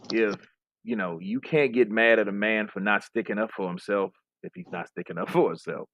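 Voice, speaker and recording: A man's voice: on the low side, lo-fi sound. A man co-hosting a podcast in casual chat, rambling and profane, often trailing off mid-thought. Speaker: podcast co-host.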